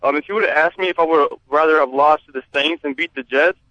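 A man's voice: on the high side, fast talker, sharp tone, no room sound. Male caller on a muffled line. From Chicago area. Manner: rueful, talkative. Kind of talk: phone-in call.

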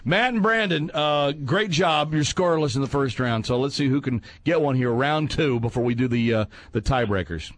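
A man hosting a fill-in-the-blank game on a sports talk show, playful and reading the prompts out slowly. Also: mid-range voice. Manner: playful, reads prompts slowly and judges answers. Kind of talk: casual radio sports chat.

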